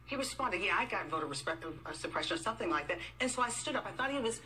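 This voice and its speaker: A woman who is a guest on a talk show, recounting an exchange in a measured way. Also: mid-range voice, lively intonation, pushed and bright, a little hiss or hum, poor audio.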